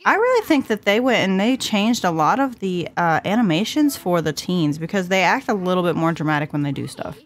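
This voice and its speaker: A woman's voice: lowish voice, big pitch swings, a little fast, few pauses. A woman in her twenties hosting a casual gameplay commentary, chatty and giggly, talking to her characters as she plays. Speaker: let's play host.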